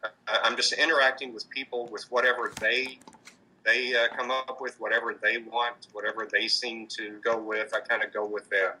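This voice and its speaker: A man's voice: mid-range voice, flat delivery, normal speed, bright, forceful tone, a little hiss or hum, low-quality recording. A man answering interview questions about his street performing, hesitant, with many fillers and restarts. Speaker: street performer in mobster costume.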